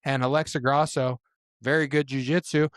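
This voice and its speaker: A man's voice: medium pitch, moderate pace, no room sound. Casual young male sports podcaster, dry mic. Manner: animated storytelling with swearing and laughter. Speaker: podcast co-host.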